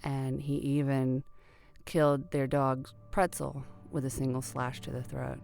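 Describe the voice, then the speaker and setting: A middle-aged woman telling a personal story in a conversational, earnest way, sometimes hushed. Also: extremely low pitch, little pitch movement, a little slow, gravelly, faint music behind.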